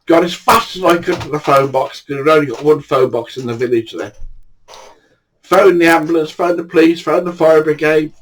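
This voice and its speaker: A man's voice: fairly high pitch, normal speed, fairly bright tone, rough recording. An older man, casually telling anecdotes in a blunt way, swearing freely. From England. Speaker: storyteller.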